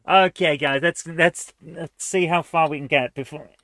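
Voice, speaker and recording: A man's voice: fairly high pitch, sharp tone, no room sound, studio quality. A man hosting a retro gaming channel, reading quiz questions aloud and chatting casually as he guesses the answers. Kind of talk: casual let's-play commentary.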